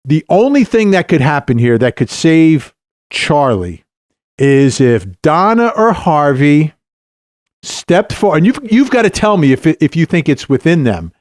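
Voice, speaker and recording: Animated man giving legal analysis. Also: fairly high pitch, unhurried, dry recording, clean studio sound. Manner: animated, emphatic, uses rhetorical "right?". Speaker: legal commentator, former prosecutor. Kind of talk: podcast guest analysis.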